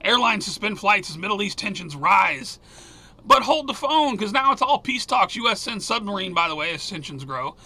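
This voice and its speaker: A man hosting a solo news commentary show, reading headlines and ranting angrily, swearing and sometimes yelling. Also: high-pitched, sing-song, normal speed.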